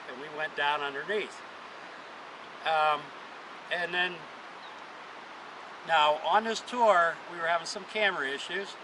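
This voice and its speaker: Man, travel vlogger, fairly high voice, relaxed chatty tour narration, loud outdoor background noise. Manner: easygoing, chatty storytelling with fillers. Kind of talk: casual vlog narration and tour commentary.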